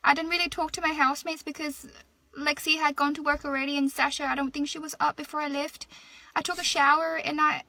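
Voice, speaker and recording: Bright young woman telling her story. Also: high-pitched, flat delivery, brisk. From Australia. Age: 20s. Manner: earnest, recounting events step by step. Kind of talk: social media video monologue.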